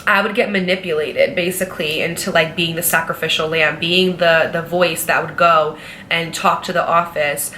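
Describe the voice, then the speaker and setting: A young woman vlogger telling a casual storytime, chatty and animated, full of fillers. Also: on the low side, moderate pace, a little hiss or hum.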